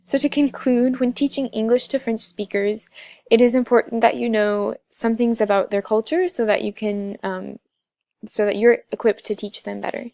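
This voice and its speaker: A woman's voice: a little high, steady tone, normal speed, vocal fry, darkish tone, dry recording. A young woman narrating a class slide presentation, explaining step by step with frequent filler sounds. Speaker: student presenter.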